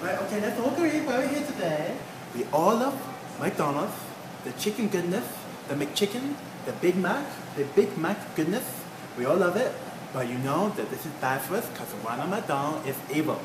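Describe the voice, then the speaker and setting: A bossy support group leader preaches and chants at his members, as a man puts him on. His fairly high voice swoops up and down with plenty of life. The room echoes, and clear noise runs underneath. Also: sing-song, normal speed. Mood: preachy.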